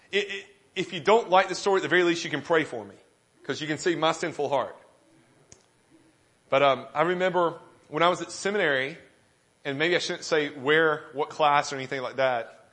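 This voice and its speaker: Male pastor, sermon delivery, a touch higher-pitched, animated storyteller who acts out the dialogue. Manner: storytelling with self-deprecating humor.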